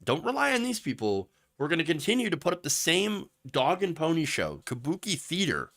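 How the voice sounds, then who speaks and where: A man hosting a political livestream, his voice bright and forward with wide swings in pitch. He rants with sarcasm, mocking politicians in put-on voices, then drifts into loose, filler-heavy asides as he reads viewer messages. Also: huge pitch swings, brisk. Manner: impassioned, ranting, with sarcastic mock quotes. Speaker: political commentary host.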